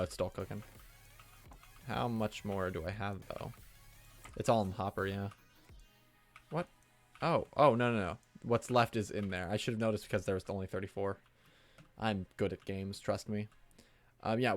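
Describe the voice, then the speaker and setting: A young man giving casual commentary while building in a game, thinking aloud and joking at his own expense. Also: on the low side. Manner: chatty, thinking aloud, self-mocking. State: hiccups. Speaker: streamer.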